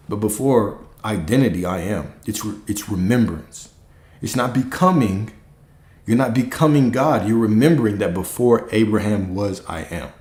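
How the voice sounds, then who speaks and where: A man's voice: fairly low pitch, warm tone, echoey room. A man giving a casual spiritual teaching talk, often checking in with "right?" and "okay?", and swearing now and then.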